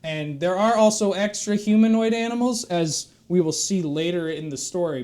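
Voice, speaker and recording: A man telling a long shaggy-dog joke on a live stream, with deadpan, meandering narration that over-explains every detail. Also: sits high, moderate pace.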